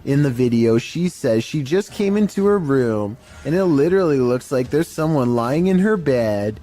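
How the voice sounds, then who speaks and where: Mellow-voiced man narrating eerie clips. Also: mid-range voice, animated. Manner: measured, mildly spooky storytelling. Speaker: narrator of a paranormal clip compilation. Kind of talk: scripted narration.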